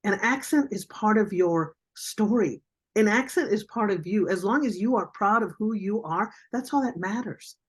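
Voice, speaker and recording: This is a medium-pitched woman's voice. A seasoned older journalist appears as a guest on an online mentoring interview over video call, giving direct, emphatic advice about careers.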